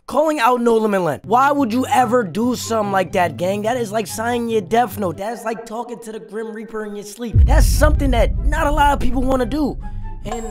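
Over background music, a young man with a very high-pitched voice talks a little fast and barely pauses. He's a gaming YouTuber giving hyped, foul-mouthed commentary, playfully roasting opponents as he plays.

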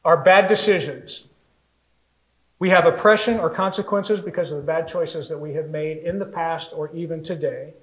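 An American man preaching a sermon as pastor, telling stories in an animated way and acting out little voices. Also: a little high, normal speed, poor audio. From United States.

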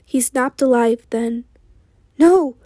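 Hoarse woman narrating an audiobook. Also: a little high, no room sound, studio quality. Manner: slow, steady, sombre reading.

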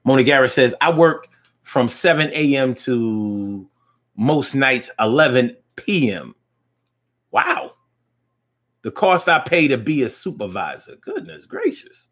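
A man hosting a call-in show, reacting to comments in a loose, slangy, animated way. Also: medium pitch, slow pace. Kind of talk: casual live show chat reading comments.

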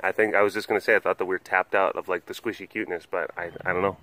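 A man's voice: low voice, steady tone, racing, pushed and bright. A man keeping big cats at an animal facility, chatting casually and cooing at them in gushing baby talk. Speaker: big cat keeper and video host. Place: outdoors at a wild animal facility.

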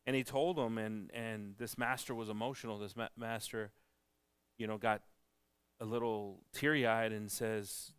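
A man preaching a church sermon in an earnest, halting way, often restarting his words. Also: on the low side, fairly even intonation, a bit bright, clear, resonant tone, no room sound. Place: church service.

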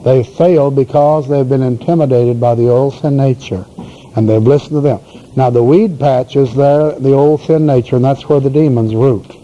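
Folksy preacher with a dark, mellow voice. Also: male voice, mid-range voice, normal speed. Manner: folksy, emphatic storytelling preaching. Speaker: pastor. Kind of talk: sermon. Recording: dull lo-fi recording with faint hiss.

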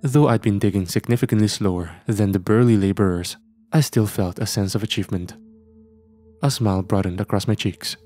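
A man narrating a horror story in a measured, steady way. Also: fairly low pitch, soft background music.

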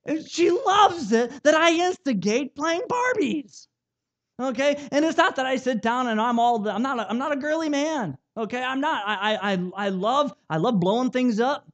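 A young man preaching a sermon as pastor, telling stories with animated, self-mocking energy and frequent restarts. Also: very high-pitched, moderate pace.

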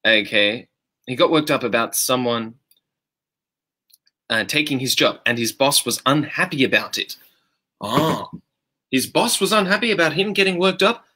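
A man with a mid-range, expressive voice hosts a live-streamed English lesson, sounding pushed and bright while speaking a little slowly with frequent pauses. He's upbeat, cheerfully greeting viewers by name, praising them, and correcting their sentences. He switches between English and Mandarin.

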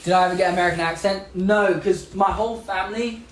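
Young man, British accent, high voice, chatty live-stream host, reverberant room, light background noise. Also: steady tone, quick pace. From England. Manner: chatty, upbeat, reads out and answers viewer comments. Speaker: livestream host. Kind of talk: casual live-stream product showcase.

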